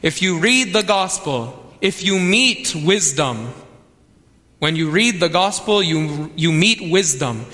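A man's voice: a little high, bright, forceful tone. A man preaching a sermon, emphatic and repeating key phrases for weight. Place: church. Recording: long reverb of a church hall.

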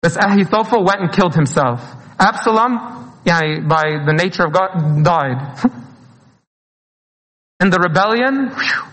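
A man preaches, his voice sitting high. He speaks earnestly and pleadingly, slipping in phrases and short laughs. The sound carries a long reverb, as if in a church hall. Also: expressive, measured pace, pauses often, fairly bright tone. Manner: earnest, pleading, mixes in Arabic phrases, laughs between lines. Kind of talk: sermon.

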